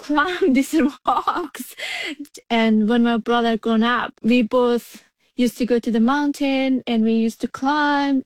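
A woman's voice: fairly high pitch, a little mellow, no echo. A young woman from Afghanistan, an English speaker, talking earnestly about herself in a remote interview. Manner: earnest, simple non-native phrasing with some laughs.

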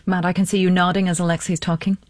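Low-voiced woman host, dry sound. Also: flat delivery, no echo. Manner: brisk, question-asking. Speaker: show host. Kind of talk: panel discussion moderating.

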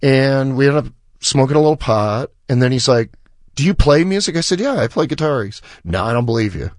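A man's voice: mid-range voice, brisk, no room sound. Man telling a story in a dry studio. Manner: animated storyteller who acts out quoted dialogue. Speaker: musician guest. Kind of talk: storytelling in a radio interview.

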